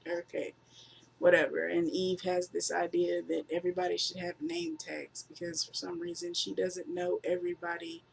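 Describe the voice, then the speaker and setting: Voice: mid-range voice, level tone, moderate pace, gravelly, slight background noise. A reviewer giving a casual, rambling spoken recap of a wrestling show, offhand and full of fillers.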